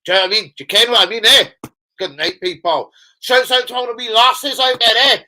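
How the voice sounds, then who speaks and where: A man's voice: extremely high pitch, fairly even intonation, brisk, sharp tone, rough recording. A young adult man hosting a football fan livestream, chatting casually with heavy swearing and rambling banter. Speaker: football fan channel host.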